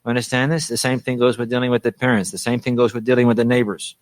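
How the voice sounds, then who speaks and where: A man's voice: medium pitch, flat delivery, fast, no room sound. A man giving a religious lesson on manners, often repeating a phrase to stress it and restarting his sentences. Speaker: Islamic teacher.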